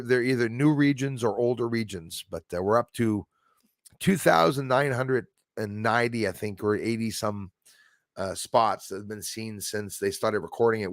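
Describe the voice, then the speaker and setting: Greeting viewers by name as he reads chat, a livestream host keeps things casual but frequently stumbles over his words. He has a gravelly, mid-range voice, recorded at studio quality with no room sound.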